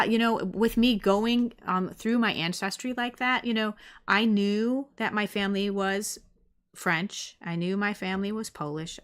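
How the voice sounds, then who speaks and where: A middle-aged woman streaming, chatting casually and rambling with many fillers as she reads viewer comments. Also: mid-range voice. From United States.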